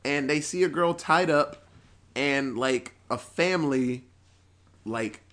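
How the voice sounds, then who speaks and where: A man's voice: mid-range voice, slow, a bit bright. A man in a casual chat, recapping a horror movie in a rambling, profane way with lots of fillers.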